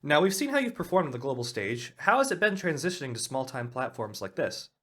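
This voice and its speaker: Fast-talking man hosting a mock interview. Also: mid-range voice, big pitch swings, a bit bright. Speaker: host. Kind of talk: mock interview comedy skit.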